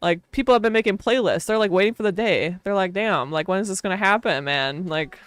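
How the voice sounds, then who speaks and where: A woman's voice: medium pitch, fairly quick, no room sound. A young woman from Wisconsin with a Wisconsin accent, chatting casually on a stream, rambling and laughing often.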